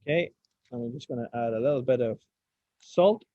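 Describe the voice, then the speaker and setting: A man teaches a science lesson on a video call, casual in manner and asking questions as he works through a hands-on demonstration. His voice sits at a middle pitch. The sound is dull and lo-fi and close and dry, from a webcam mic. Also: a little fast, no room sound. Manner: casual, talks while demonstrating, asks the class questions.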